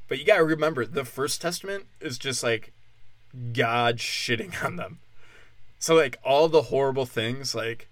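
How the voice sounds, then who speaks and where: On a dry recording, a man with a medium-pitched, slightly bright voice talks at a normal speed. He hosts a podcast and rambles through an irreverent comedic monologue, laughing frequently and saying "like" over and over.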